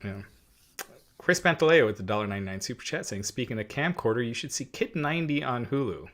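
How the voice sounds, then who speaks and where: A man's voice: medium pitch, lively intonation, fast, a bit bright. A man co-hosting a wrestling podcast in casual chat, reading out viewer questions between opinions. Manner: reads viewer questions aloud. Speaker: podcast co-host.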